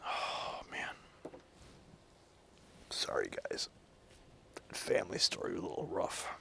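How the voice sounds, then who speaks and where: A man's voice: fairly quick, a little hiss or hum. Man hosting a live online news show. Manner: shifts between loud punchy read and quiet muttered asides.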